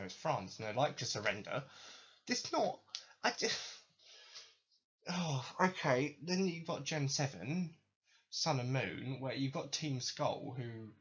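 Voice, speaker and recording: A man's voice: mid-range voice, breathy edge, lo-fi sound. A young man hosting a podcast, ranting in exasperated, sarcastic, sweary commentary. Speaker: podcast host.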